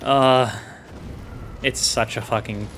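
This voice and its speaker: A man's voice: medium pitch, steady tone, takes it slowly, a bit bright, a little hiss or hum. A man commentating a strategy game playthrough, swearing and complaining in frustration at how the battle is going. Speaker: gaming YouTuber.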